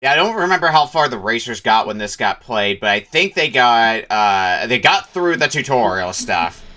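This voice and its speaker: A man's voice: mid-range voice, sing-song, moderate pace, bright, forceful tone. A man hosting a retro gaming stream, chatting and explaining while he plays. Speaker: stream host. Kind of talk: casual group chat while gaming.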